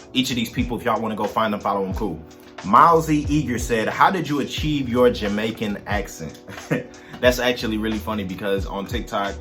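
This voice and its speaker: Give me a relaxed, chatty man answering fan questions over background music. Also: on the low side. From Detroit, Michigan, USA. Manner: laid-back, slangy, chatty with viewers. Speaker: musician and content creator. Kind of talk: casual Q&A vlog.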